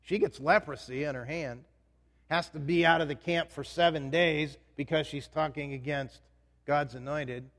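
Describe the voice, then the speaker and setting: A man's voice: fairly high pitch, fairly even intonation, moderate pace, a bit bright. A male pastor preaching a sermon in a conversational way, often putting questions to the congregation. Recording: reverberant hall.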